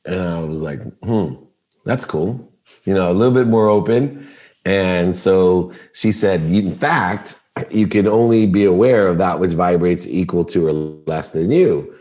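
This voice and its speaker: A middle-aged man with a low, deep voice tells a story on a podcast. He is animated and acts out each person's lines as he goes. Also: a little slow. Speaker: podcast guest. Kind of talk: storytelling in a casual interview.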